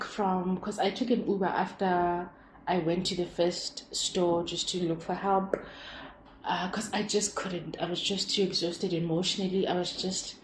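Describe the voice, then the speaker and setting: A woman's voice: fairly low pitch, a little hiss or hum. A young woman talking casually on her podcast, chatty and laughing often, with lots of restarts. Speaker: podcast host. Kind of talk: casual personal monologue. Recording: echoey room.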